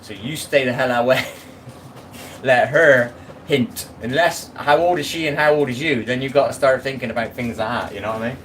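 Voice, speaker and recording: A live streamer chats bluntly with his live chat while washing up, often asking whether you know what he means. His voice is medium-pitched and fairly bright at a normal speed. The low-quality recording carries a little hiss or hum.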